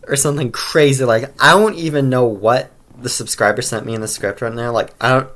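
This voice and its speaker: A man narrating a casual storytime over video game footage in a mid-pitched voice. He rambles loosely, piling on slang and filler words as he goes. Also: a little fast, few pauses, fairly bright tone. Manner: rambling slangy delivery full of "like" and "bro".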